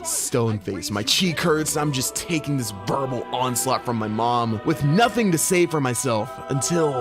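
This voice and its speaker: A young man narrating a comedic storytime in an expressive, playful way with slang. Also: mid-range voice, moderate pace, hardly any pauses, over music.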